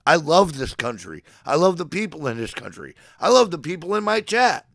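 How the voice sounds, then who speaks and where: A man in his forties with a slightly high, gravelly voice, sounding dry and close. He rants to his livestream chat like a mock preacher. He is aggressive and boastful, hurling profane threats, then abruptly declares his love for his regular viewers. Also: very animated, moderate pace, a bit bright, no room sound. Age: 40s. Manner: swings between threats and affection. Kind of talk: mock-sermon rant to a live chat.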